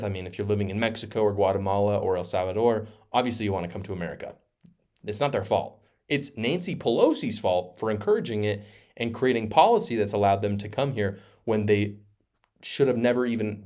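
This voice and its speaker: A man's voice: medium pitch, a little mellow. A man hosting a political commentary video, heated and sarcastic, hammering his points with repetition. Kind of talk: opinion commentary vlog.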